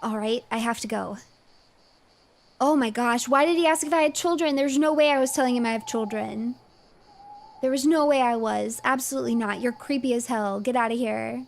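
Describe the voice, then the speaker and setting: A high-voiced woman streams a game and chatters excitably to herself and her viewers. Her voice sits clearly high, with faint noise in the background. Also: moderate pace. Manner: excitable, talks to herself and chat. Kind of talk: game commentary.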